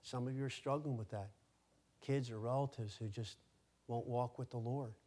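A man's voice: medium pitch, steady tone, normal speed, mellow. Male pastor, sermon, emphatic, repeats words for stress, asks the congregation questions.

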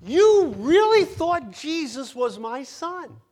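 Man doing a gloating devil, shrill, shifted way up, cackling taunts. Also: sing-song, slow pace, a little mellow, exaggerated voice. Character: mocking, gloating male devil.

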